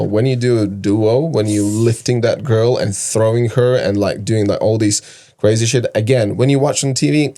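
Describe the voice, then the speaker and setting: A man's voice: lowish voice, fairly even intonation, moderate pace, warm tone. A man hosting a podcast in casual interview chat, loose and profane, with frequent restarts. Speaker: podcast host.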